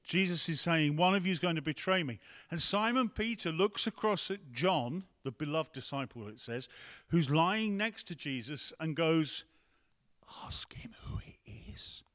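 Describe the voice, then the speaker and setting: A man's voice: a little high, expressive, normal speed, few pauses, a bit bright. A man preaching a conversational sermon, breaking off to ask the room and the tech team for help. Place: church hall with a screen.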